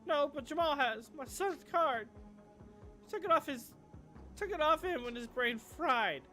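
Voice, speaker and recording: A man's voice: very high-pitched, expressive, unhurried, sharp tone, soft background music, voice pushed up, full character voice. A man voicing a worn, grieving middle-aged woman who pleads in a raised, strained voice.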